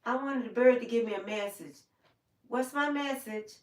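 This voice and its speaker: A woman's voice: on the high side, normal speed, reverberant, distant mic. An older woman hosting a livestream, talking in a folksy, heartfelt way and speaking straight to her viewers by name. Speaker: livestream host. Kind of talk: casual livestream chat with viewers.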